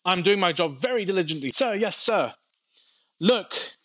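Guy doing a jumpy young soldier on watch, voice way up high, all worked up. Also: lively intonation, brisk, fairly bright tone. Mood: eager. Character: eager panicked male Babylonian lookout soldier. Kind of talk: scripture reading with acted voices.

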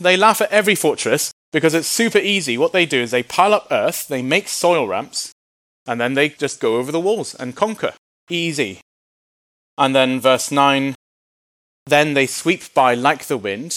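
A man teaching through a book of the Bible, reading verses and paraphrasing them in lively, casual voices. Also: mid-range voice, no room sound.

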